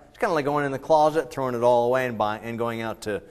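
A man's voice: medium pitch, quick pace. Conversational male pastor preaching. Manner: conversational, questions the congregation, swings between loud and quiet. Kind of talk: sermon.

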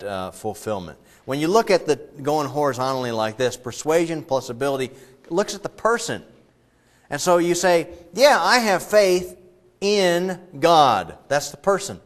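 A middle-aged man preaching a sermon as pastor, conversational and digressive, with frequent fillers. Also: mid-range voice. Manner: conversational, digressive, breaks into loud acted quotes.

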